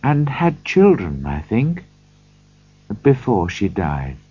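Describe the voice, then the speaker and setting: A solemn ghost speaking slowly and quietly, read by a man. His voice is a little husky and measured. The recording sounds dull and lo-fi. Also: fairly low pitch, wildly swooping pitch, dry recording, exaggerated voice.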